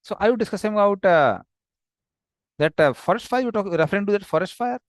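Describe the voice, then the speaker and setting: Man teaching with halting restarts. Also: high-pitched, lively intonation, no echo, clean studio sound. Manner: halting, many fillers and restarts. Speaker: teacher of scripture class. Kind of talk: explaining a text, paraphrasing dialogue.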